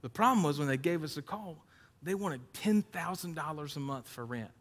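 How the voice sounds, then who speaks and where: A man preaching a sermon, shifting between loud emphatic points and low conversational storytelling. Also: lively intonation, moderate pace. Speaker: pastor. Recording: long hall reverb.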